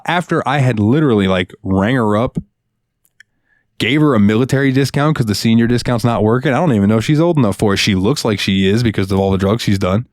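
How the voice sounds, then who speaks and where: A man co-hosting a podcast, telling a work story in an animated, profane, casual way. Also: lowish voice, quick pace, no room sound, clean studio sound. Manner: animated, profane, swings into voices. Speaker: podcast co-host.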